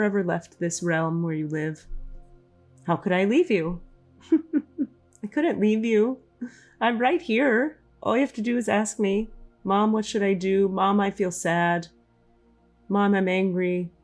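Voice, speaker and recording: A woman voicing the doting, tender spirit of a late mother, speaking gently and reassuringly, a little above her usual pitch. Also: natural voice.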